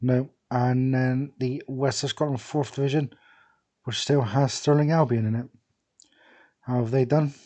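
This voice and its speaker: Mellow-voiced man musing over a game. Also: mid-range voice, fairly even intonation, measured pace. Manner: rambling, thinking aloud with many fillers. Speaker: gaming video creator. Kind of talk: casual commentary over a football management game.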